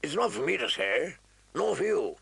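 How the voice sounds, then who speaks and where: Old commander, gruff and growly, gravelly and bright, man reading it. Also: on the high side, big pitch swings, moderate pace, no room sound, pitched above the performer's own voice, heavily acted.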